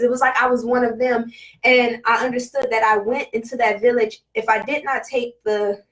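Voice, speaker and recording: A woman vlogger telling a personal spiritual story in a casual, halting way, full of fillers and emotion. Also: on the high side, steady tone, distant mic, low-quality recording.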